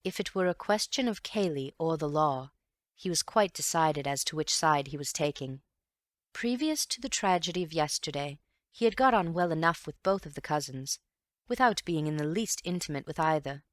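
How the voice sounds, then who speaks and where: A woman narrates a classic novel in calm, even storytelling. Her voice sits low. The recording is dry, with no room sound. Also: normal speed, dry recording. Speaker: audiobook narrator. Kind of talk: scripted audiobook narration.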